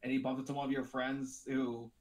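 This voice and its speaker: A man's voice: medium pitch, flat delivery, a little fast, a little mellow. A man co-hosting a casual chat, asking rambling questions full of false starts.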